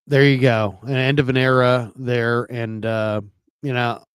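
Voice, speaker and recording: A man in his fifties, a radio veteran, talking casually and hesitantly with many pauses. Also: mid-range voice, level tone, smooth, no room sound. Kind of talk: casual talk show chat.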